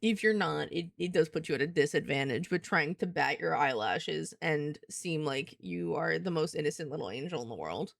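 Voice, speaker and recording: A woman's voice: sits low, lively intonation, moderate pace, creaky, few pauses, no echo, studio quality. A young woman chatting casually on a livestream, rambling and swearing as she talks with viewers. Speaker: streamer.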